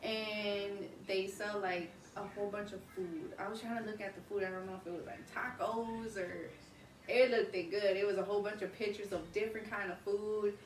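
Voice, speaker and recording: A woman in her thirties, a vlog host, telling a personal story in casual, animated chat and often breaking into laughter. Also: mid-range voice, normal speed, slight background noise. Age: 30s. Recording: roomy, distant mic, faint ambience.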